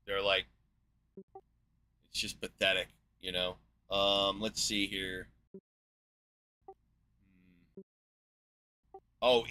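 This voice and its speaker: A man in his forties from the United States, giving a profane, sarcastic and exasperated rant as a video host, rambling with filler pauses. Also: on the low side, sharp tone, rough recording. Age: 40s. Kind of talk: ranting monologue.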